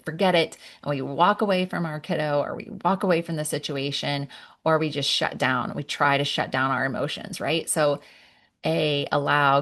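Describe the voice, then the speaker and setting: A woman who works as a parenting coach and therapist, giving a gentle, reflective podcast talk that explains each step and pauses to sigh between thoughts. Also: deep voice, gravelly.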